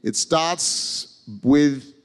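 A man's voice: fairly high pitch, extremely slow, clear, resonant tone. A man preaching a sermon as guest speaker, emphatic and leading the congregation in call and response. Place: large church hall with balcony. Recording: long church-hall reverb.

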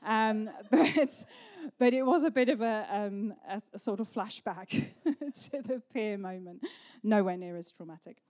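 A woman's voice: medium pitch, a little slow, a little mellow. A woman, a pastor telling a family story in a chatty sermon with frequent ums.

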